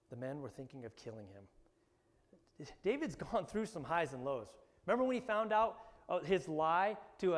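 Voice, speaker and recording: Animated pastor in an echoing hall. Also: male voice, fairly high pitch. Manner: animated, rising to emphatic bursts, acting out voices in quotes. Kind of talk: sermon. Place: church hall. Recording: long hall reverb.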